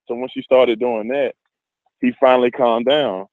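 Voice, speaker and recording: A man in casual group discussion, talking haltingly with many restarts and fillers. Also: mid-range voice, fairly even intonation, dry recording. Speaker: discussion participant. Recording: dry, phone-like audio.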